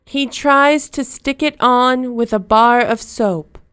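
Slow, clear woman storybook narrator. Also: on the high side, fairly bright tone, no room sound, clean studio sound. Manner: slow, simple, clearly spoken.

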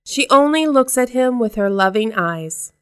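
Slow, clear-voiced woman reading a storybook. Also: on the high side, expressive, a bit bright. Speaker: narrator. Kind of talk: storybook read-aloud.

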